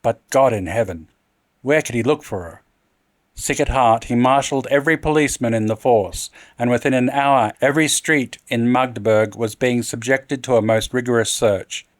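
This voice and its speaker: Expressive male storyteller for a horror reading, no room echo. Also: mid-range voice, moderate pace. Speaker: narrator.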